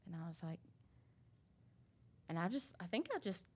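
Halting woman telling her story. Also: fairly low pitch, expressive, a little mellow. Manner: halting, many fillers and restarts. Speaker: interview guest sharing a recovery story. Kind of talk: casual storytelling.

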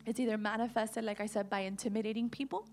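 Woman preacher, 30s, sermon to youth, animated, emphatic, highish voice. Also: quick pace. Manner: animated, acts out quotes, rising to emphatic declarations.

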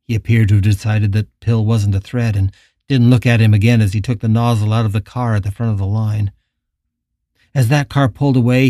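Male audiobook narrator, measured. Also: mid-range voice, mellow, dry recording, clean studio sound.

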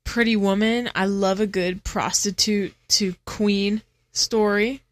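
A woman's voice: mid-range voice, fairly even intonation, slow pace, no room sound. Young woman teasing her cohost on a chatty podcast, middle voice, dry mic sound. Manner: teasing, bubbly, laughs often. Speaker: podcast co-host. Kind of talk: casual chat. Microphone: studio headset mic.

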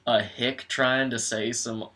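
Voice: medium pitch, little pitch movement, slow pace, pushed and bright. A podcast co-host recapping a movie in casual chat, sarcastic and profane, laughing often.

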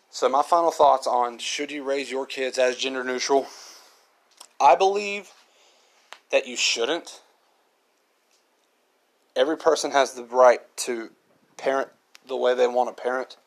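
A man's voice: medium pitch, a little slow, long pauses. A man hosting his own podcast, talking in an earnest, reflective monologue and often repeating himself. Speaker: podcast host.

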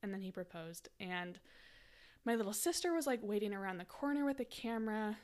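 A woman's voice: mid-range voice, animated, a little fast, darkish tone. Young female podcast host in her twenties; casual, chatty storyteller who leans on "like" a lot. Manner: chatty, frequent "like" fillers, laughs while telling.

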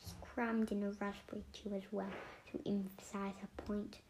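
A woman reading a children's story aloud in a whispered role-play, slow and hushed. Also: mid-range voice, level tone, slight background noise.

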